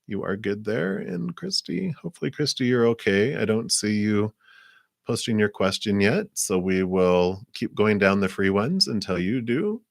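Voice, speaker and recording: A man hosting a live card reading stream, reading messages in a gentle, slow, reflective way. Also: on the low side, animated, vocal fry, no room sound, clean studio sound. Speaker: card reader.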